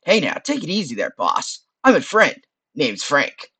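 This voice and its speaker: A man voicing a brash, chummy floating skull, an ancient male spirit who calls the hero boss, in a lively voice. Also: fairly high pitch, a little slow, husky, pitched above the performer's own voice, heavily acted.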